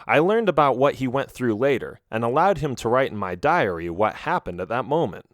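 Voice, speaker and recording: A man narrating an audiobook adventure in the first person, with expressive storytelling. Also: medium pitch, brisk, no room sound, clean studio sound.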